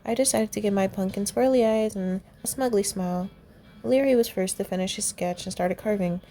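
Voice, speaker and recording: A woman's voice: medium pitch, a little fast, dark tone, soft background music. A young woman reading a fan story aloud, voicing the characters in her own voice and laughing and commenting along the way. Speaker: fan fiction reader.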